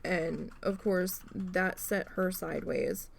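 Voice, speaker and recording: A woman hosting a craft livestream, casually telling a story with animated swearing while she works. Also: fairly low pitch, slow pace, creaky, slight background noise. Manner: animated, profane, acts out quoted people.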